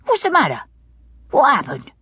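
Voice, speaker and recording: A woman's voice: sits high, huge pitch swings, normal speed, sharp tone, slightly rough, dry recording, highs cut off, voice pushed up, exaggerated voice. A woman voicing a brash, indignant London woman with a tart way of speaking. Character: brash large blonde London landlady-lodger woman.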